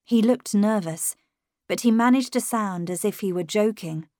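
A woman reading a first-person story aloud in a measured, clear way. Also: mid-range voice, mellow, no room sound, clean studio sound. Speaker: narrator.

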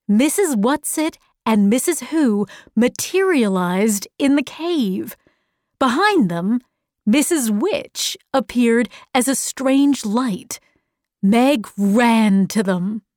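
Very slow woman reading a storybook. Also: on the high side, darkish tone, no echo, clean studio sound. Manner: slow, deliberate, clearly paced. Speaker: narrator. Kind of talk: scripted storybook narration.

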